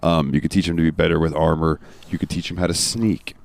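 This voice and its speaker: A man hosting a gaming podcast, talking in a relaxed, rambling way with fillers and the odd swear word. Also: a bass voice, fast, gravelly. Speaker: podcast host. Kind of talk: casual chat.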